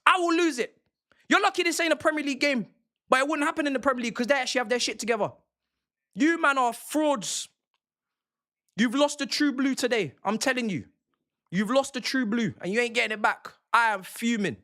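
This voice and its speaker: A man's voice: extremely high pitch, brisk, sharp tone. A young man, a football streamer ranting angrily and with lots of swearing on a live stream. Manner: angry, profane, repetitive ranting.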